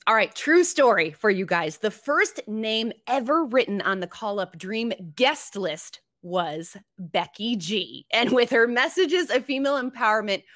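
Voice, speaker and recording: Bright-voiced woman host narrating. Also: on the high side, expressive, unhurried, few pauses, no room sound, clean studio sound. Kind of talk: scripted narration.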